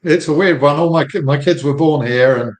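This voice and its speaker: A man in his fifties from the United Kingdom with an English accent, a relaxed guest on a podcast interview over a video call. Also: on the high side, a little fast, reverberant, poor audio. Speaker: guest, company founder. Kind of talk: casual interview chat.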